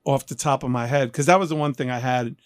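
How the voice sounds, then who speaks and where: A man in his fifties from New York, hosting a casual interview and telling animated, joking stories. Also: medium pitch, quick pace, no echo. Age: 50s. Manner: animated, joking storyteller who acts out quotes. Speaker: podcast host.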